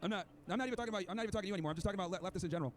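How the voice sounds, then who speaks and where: A man with a noticeably high voice who fires off his words at a breakneck pace. He argues in a combative, lecturing way and trades insults freely. A faint hiss sits under the audio. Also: very fast. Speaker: podcast host. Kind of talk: heated debate clip.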